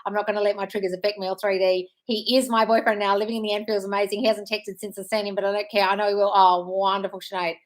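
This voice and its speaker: A brisk woman in her thirties hosting a casual live stream. She reads viewer questions aloud and answers each one with quick, frank reassurance. Her pitch sits in the middle of the usual range, and she keeps calling people "darling". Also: little pitch movement. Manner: frank and breezy, calls listeners "darling". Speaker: manifestation coach hosting a live Q&A.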